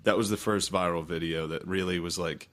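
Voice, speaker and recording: A man's voice: sits low, steady tone, brisk, fairly bright tone. A young man chatting casually as a podcast co-host, telling crude, laid-back stories and mocking people with put-on quotes. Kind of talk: casual chat.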